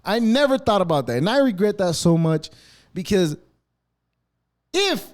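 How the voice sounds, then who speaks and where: A man's voice: sits high, sing-song, moderate pace. A man hosting a podcast, delivering a rambling, sarcastic rant full of swearing. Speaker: podcast host. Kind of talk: profane ranting monologue.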